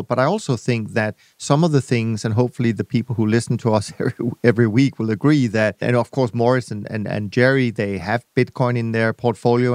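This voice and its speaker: A man hosting a podcast, speaking in a measured, hesitant way as he searches for words. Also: mid-range voice, darkish tone, no room sound, studio quality. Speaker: podcast host. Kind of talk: casual conversation.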